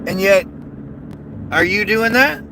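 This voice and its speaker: Slow and expressive, this man's high-pitched voice carries a heated, profanity-filled livestream rant. He reads from chat and frequently restarts sentences, while background noise runs underneath.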